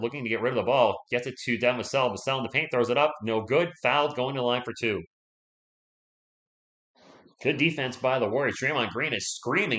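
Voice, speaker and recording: Excitable man calling a game in an echoey room. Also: medium pitch. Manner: chatty, excitable, talks straight to viewers. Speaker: live stream play-by-play host. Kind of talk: casual play-by-play commentary reacting to chat.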